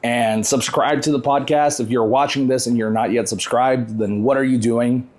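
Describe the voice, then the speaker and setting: A young man hosting a casual podcast in a loose, joking manner, swearing freely and laughing often. His voice sits at a plain middle pitch. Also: fairly even intonation, normal speed, a little mellow. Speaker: podcast host.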